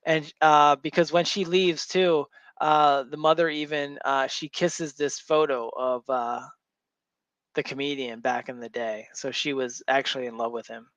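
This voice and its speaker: A man's voice: fairly high pitch, steady tone, unhurried, a bit bright, no echo. A man hosting a show, casually retelling a story to a co-host in a loose, rambling way full of fillers. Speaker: show host recapping a comic.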